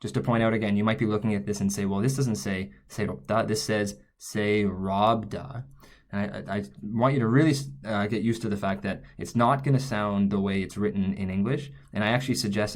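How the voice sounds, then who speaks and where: A language teacher explains a lesson step by step while writing on screen, thinking aloud and often stopping to correct himself. His voice is on the low side and darkish, with a steady tone. He talks fast with hardly any pauses.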